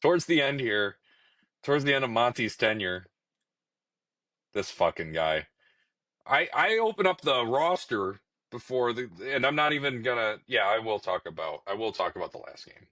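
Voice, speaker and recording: A man's voice: medium pitch, very animated, moderate pace, pushed and bright, no echo, poor audio. Ranting, profane young man on a podcast. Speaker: podcast co-host. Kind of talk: casual chat.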